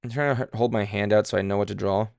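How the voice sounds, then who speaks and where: A man's voice: lowish voice, fairly even intonation, very fast, creaky, no room sound, studio quality. A man streaming himself drawing, thinking aloud in a rambling, self-deprecating way with many fillers. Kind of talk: casual streaming chat while drawing.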